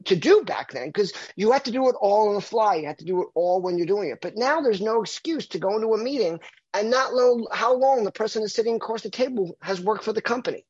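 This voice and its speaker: Husky-voiced American man on a video call. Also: high-pitched, dry recording. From United States. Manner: animated, repeats words when restarting. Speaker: guest, social marketing consultant. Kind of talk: casual interview chat. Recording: dull lo-fi video call audio.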